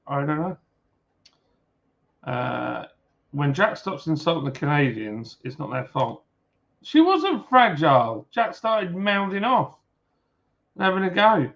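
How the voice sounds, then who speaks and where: A man with a Yorkshire accent hosting a livestream from home, chatting casually and jokily with viewers while reading comments over a beer. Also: mid-range voice. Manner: chatty, jokey, lots of filler "uh"s. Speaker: livestream host. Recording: dull lo-fi stream audio.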